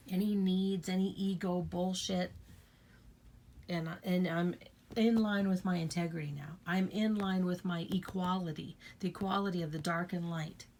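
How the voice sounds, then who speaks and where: A woman's voice: lowish voice, darkish tone. A woman giving an earnest, blunt spiritual talk to her viewers, repeating her points and swearing freely. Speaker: spiritual channel host.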